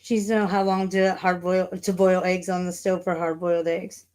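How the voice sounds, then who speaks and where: A woman's voice: fairly low pitch, level tone, normal speed, a little mellow, slight background noise, low-quality recording. A woman hosting a casual livestream, talking in a profane, rambling and easily distracted way. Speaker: livestream host.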